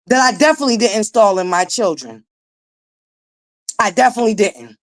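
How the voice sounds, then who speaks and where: A woman in her forties with a naturally raspy voice, hosting a casual live-stream commentary, blunt and profane, talking straight to her viewers. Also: medium pitch, animated, brisk. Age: 40s. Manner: blunt, profane, emphatic, addresses viewers directly. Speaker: livestream commentary host.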